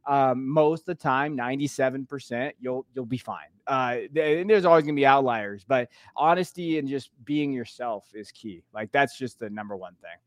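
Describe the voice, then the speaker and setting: An earnest male teacher talks casually and with animated emphasis. His voice sits in a middle register. The recording is close and dry, with no room sound. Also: medium pitch, normal speed, hardly any pauses, no echo. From Portuguese and Irish heritage. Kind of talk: casual podcast conversation.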